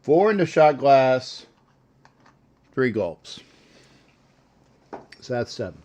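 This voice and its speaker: A man's voice: mid-range voice, very animated, slow, a little mellow, lo-fi sound. An older man hosting a sports show, rambling and joking with callers in a casual live-stream chat.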